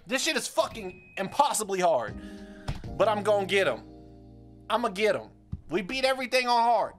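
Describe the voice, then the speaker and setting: A young man with a high voice gives live commentary over a rhythm game, loud and frustrated, cursing and trash-talking the opponents. Faint game music plays behind him. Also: very animated, moderate pace. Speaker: streamer.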